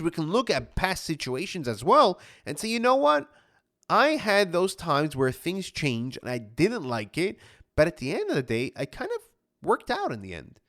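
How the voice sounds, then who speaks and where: A man's voice: on the high side, a bit bright. A man in his thirties, an anxiety coach, talking earnestly in a motivational monologue full of fillers and restarts. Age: 30s.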